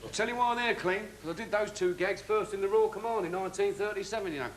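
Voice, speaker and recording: A man's voice: sits high, fast talker, slight background noise, lightly acted. A man impersonating a brash, cheeky old music-hall comedian, trading patter and singing snatches of songs.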